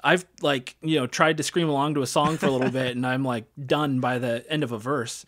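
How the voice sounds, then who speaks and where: A man's voice: medium pitch, steady tone, a little fast, a bit bright. A man in his thirties hosting a gaming podcast in casual chat, rambling with many fillers and restarts. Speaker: podcast host.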